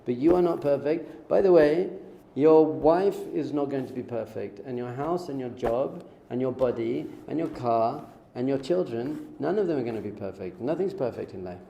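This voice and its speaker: A middle-aged man, a rabbi teaching an informal Torah class, lively and joking, acting out little dialogues. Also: medium pitch, moderate pace, gravelly. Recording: echoey room with faint noise.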